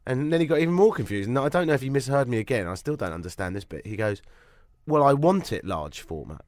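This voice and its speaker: A man's voice: medium pitch, animated, rapid-fire, darkish tone, no room sound, studio quality. A British man hosting a radio talk show, sniffly with a cold, bantering and joking at his own expense. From Britain. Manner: chatty, self-mocking banter.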